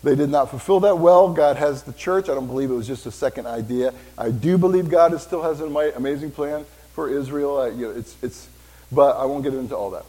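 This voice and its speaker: A pastor preaching a sermon in a church, talking casually with asides and questions for the congregation. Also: male voice, mid-range voice, a little fast, dark tone, rough recording.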